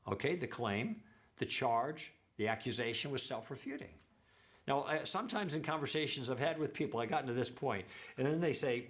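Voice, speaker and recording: A man's voice: medium pitch, animated, a little fast. A middle-aged man teaching a church lesson, telling stories and acting out the dialogue as he goes. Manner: anecdotal, acts out quoted dialogue.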